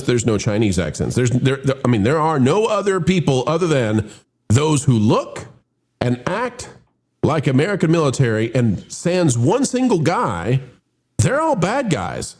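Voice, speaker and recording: A man's voice: medium pitch, sing-song, moderate pace, a little mellow, breathy edge. A man hosting a casual movie review chat, opening with showman-style greetings and rambling with restarts. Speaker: host.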